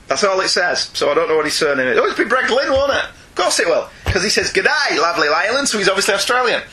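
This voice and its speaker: A man's voice: sits high, sing-song, fast talker, bright, forceful tone, a little hiss or hum, low-quality recording. A man hosting a comics podcast, reading listener emails aloud in a jokey, teasing way and laughing often. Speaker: podcast host.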